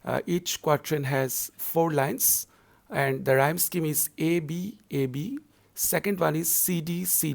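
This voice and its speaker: A man's voice: a little high, creaky. A male university lecturer explaining poetry scansion to students in a repetitive, explanatory way, with frequent filler words.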